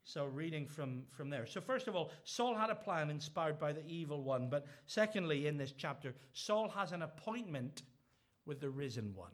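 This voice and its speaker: A middle-aged man from Ireland, preaching a sermon with earnest, emphatic repeated phrases. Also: on the high side. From Northern Ireland.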